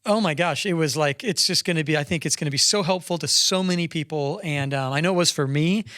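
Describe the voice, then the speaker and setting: Eager, higher-voiced male podcast host. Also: quick pace, fairly bright tone, no room sound, studio quality. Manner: enthusiastic, effusive, with frequent restarts. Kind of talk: casual conversational interview.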